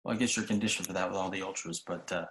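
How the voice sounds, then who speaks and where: A man's voice: low voice, steady tone, rapid-fire. A man hosting a casual podcast interview, asking friendly questions and affirming often. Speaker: podcast host.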